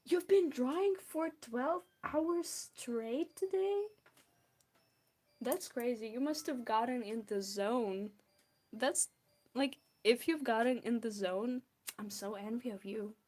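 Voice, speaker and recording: Speaking slowly in a higher, darkish voice, a young art streamer from Belarus chats and giggles with her viewers while she draws. Her Belarusian accent is noticeable.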